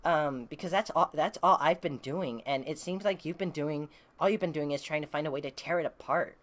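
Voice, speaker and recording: A woman's voice: deep voice, a little fast, close to an everyday voice. A woman reading a comic aloud, voicing a stern male leader who lectures a comrade.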